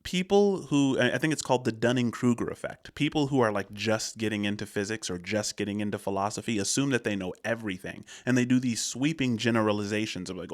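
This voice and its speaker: A man's voice: fairly low pitch, animated, a little fast, few pauses. An American man hosting a reaction video, talking through his thoughts in a casual, rambling way with restarts and fillers. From United States. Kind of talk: casual commentary on a clip.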